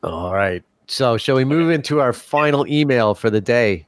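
A man's voice: mid-range voice, lively intonation, moderate pace, dry recording. A man co-hosting a casual podcast, reading a listener's email aloud with stumbles and self-deprecating laughs. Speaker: podcast co-host.

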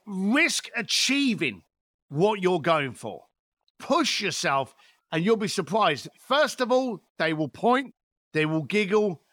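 A man's voice: high voice, bright, forceful tone, no echo, clean studio sound. A man, an author and interview guest, giving motivational advice in punchy, emphatic phrases. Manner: emphatic, punchy, stretches key words.

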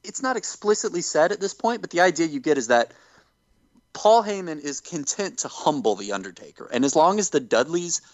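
A man in casual chat, retelling events in an animated way and acting out quotes as he goes. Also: on the high side, fairly quick, no room sound. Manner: animated storyteller who acts out quotes. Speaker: podcast co-host recapping wrestling.

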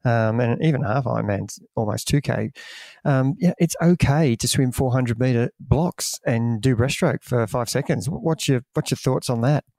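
A man co-hosting a podcast who coaches athletes, asking questions in a thoughtful, halting way. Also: medium pitch, vocal fry, a little mellow, dry recording, clean studio sound. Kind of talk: casual podcast conversation.

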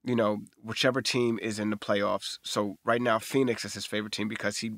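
Male co-host, emphatic storyteller, bright tone, dry close sound. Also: fairly quick, no room sound. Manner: animated storyteller, jumps high for voices, emphatic. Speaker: podcast co-host. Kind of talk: casual chat.

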